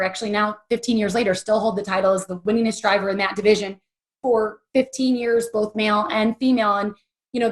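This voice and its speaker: Earnest woman in her forties. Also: a little high. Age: 40s. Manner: earnest, emotional, chatty with many fillers. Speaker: interview guest. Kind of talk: candid personal storytelling.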